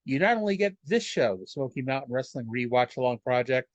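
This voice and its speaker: A man's voice: medium pitch, animated, a little fast, no room sound, lo-fi sound. A man hosting a podcast, recapping episodes casually with lots of fillers and asides. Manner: rambling, with many fillers. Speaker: podcast host.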